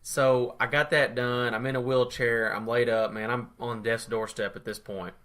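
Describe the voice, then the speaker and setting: A man's voice: mid-range voice, little pitch movement, normal speed, a bit bright. A man co-hosting a podcast, telling a story in laid-back chat and laughing along. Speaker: podcast co-host.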